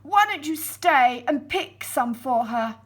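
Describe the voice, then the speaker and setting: A sly big bad wolf from a storybook, luring in a slow, sugary, coaxing voice, as a woman puts him on. The voice sounds a little breathy. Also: high-pitched, animated, exaggerated voice. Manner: slow, sweet, coaxing tones.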